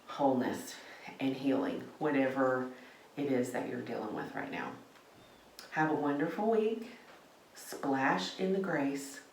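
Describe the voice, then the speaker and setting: A middle-aged woman with a low voice hosts a relaxed faith vlog. She talks gently and wanders from thought to thought, with lots of fillers. She is recorded from a distance in a roomy space, with faint ambience behind her. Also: a little hiss or hum. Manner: gentle, meandering talk with many fillers. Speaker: vlog host. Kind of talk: casual faith vlog while gardening.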